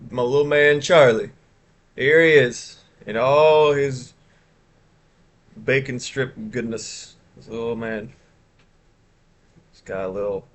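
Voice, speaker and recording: A man's voice: mid-range voice, fairly bright tone, slight background noise. A man streaming live, chatting casually and rambling with chat while showing his art. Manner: rambling, chatty, self-interrupting.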